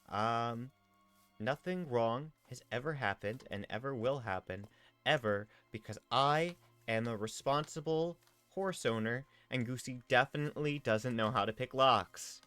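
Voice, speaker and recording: Streaming a game live, this man chats casually, reads viewer messages aloud, and drifts in and out of playful role-play. His mid-range voice is a little bright, and his manner is playful and rambling.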